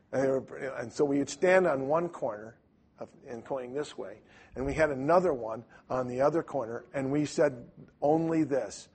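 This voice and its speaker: A man's voice: medium pitch, husky. A man preaching a sermon, telling stories conversationally with many fillers and restarts, acting out the people he quotes. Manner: animated storyteller acting out quoted voices. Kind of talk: sermon with storytelling.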